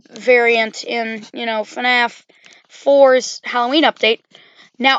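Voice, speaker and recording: A woman's voice: a little high, a bit bright, smooth, dry recording, highs cut off. A woman giving casual, rambling game commentary, full of fillers and self-corrections.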